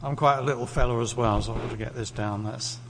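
A man's voice: mid-range voice, steady tone, fast, fairly bright tone. A man from the UK preaching a sermon in a conversational way, putting questions to the congregation. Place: church hall. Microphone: lectern mic. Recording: echoey hall, faint hum.

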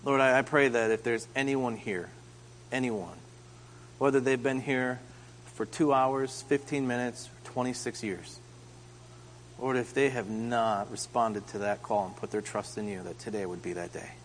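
A man's voice: mid-range voice, steady tone, moderate pace. A man leading an earnest closing prayer in a church service. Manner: earnest, grows quieter toward the end. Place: church hall. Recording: echoey hall, faint hum.

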